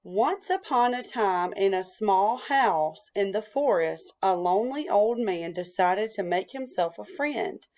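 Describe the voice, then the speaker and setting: A woman reads a children's picture book aloud, taking her time with each line. Her delivery is slow and deliberate, with a mid-range voice. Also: medium pitch, lively intonation, darkish tone. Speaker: storyteller.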